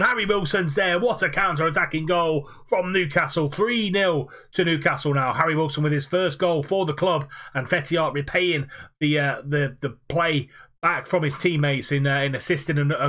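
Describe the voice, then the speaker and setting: Young man, upbeat gaming commentator calling football matches, slightly higher voice, filler-heavy delivery. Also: fairly bright tone. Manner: quick play-by-play with frequent "uh" fillers. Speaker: video game player commentating his own matches. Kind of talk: play-by-play football commentary over gameplay.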